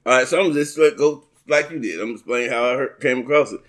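A man's voice: medium pitch, fast talker, a bit bright. A man co-hosting a casual talk show, telling stories in a laid-back, slangy way. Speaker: podcast co-host. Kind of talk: casual chat.

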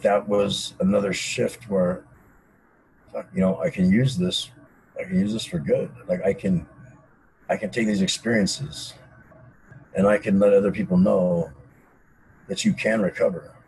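A man with a fairly low voice talks with blunt intensity, swearing freely. He sounds like a guest in a candid personal conversation. A faint hum of ambience runs underneath. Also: creaky, a little mellow, rough recording. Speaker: interview guest.

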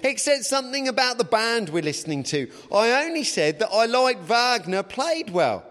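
A flustered aristocratic marquis, put on by a man reading aloud, protesting that he said nothing at all, his voice lifted well above a normal speaking pitch. The words hang in the long echo of a big hall. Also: big pitch swings, moderate pace, fairly bright tone, full character voice. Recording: long reverb of a large hall.

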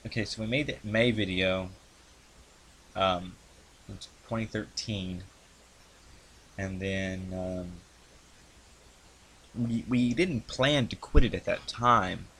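A young man with a fairly low voice talks through the history of his video series in a loose, rambling way. He hesitates often, piling up ums and false starts as he goes. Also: fairly bright tone, a little hiss or hum. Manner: halting, many ums and restarts. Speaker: YouTuber recounting his channel's history. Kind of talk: casual rambling monologue. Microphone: handheld mic he adjusts.

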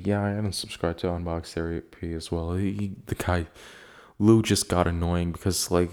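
A man hosting a podcast in casual chat, blunt and profane as he rants. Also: sits low. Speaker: podcast host.

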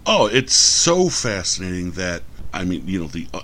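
Deep-voiced New York man hosting a podcast. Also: very animated, moderate pace, pushed and bright, a little hiss or hum. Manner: enthusiastic, rambling. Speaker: podcast host. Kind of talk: podcast interview.

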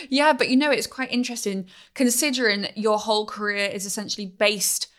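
A woman's voice: mid-range voice, fairly even intonation, normal speed. A Welsh woman hosting an interview, asking conversational, probing questions. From Wales. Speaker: podcast host.

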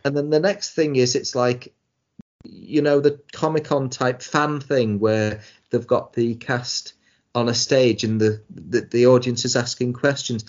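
A man's voice: mid-range voice, fairly even intonation, a little slow. A man co-hosting a casual chat about TV shows, rambling with many restarts and sounding exasperated. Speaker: podcast co-host. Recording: dull lo-fi sound.

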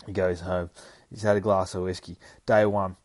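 A man's voice: low-pitched, level tone, normal speed, a little mellow, no echo. A young man hosting a podcast, retelling a comic book in an offhand, profane, laughing way. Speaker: podcast host.

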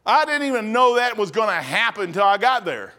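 High-voiced, folksy male preacher. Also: sing-song, fairly quick, bright, forceful tone. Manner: folksy, rambling storytelling with acted-out voices. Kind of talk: sermon.

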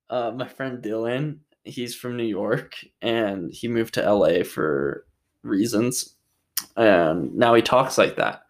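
Speaking slowly in a fairly low voice, a young man from Utah fields viewer questions in a casual vlog. It's a rambling, jokey delivery with plenty of swearing.

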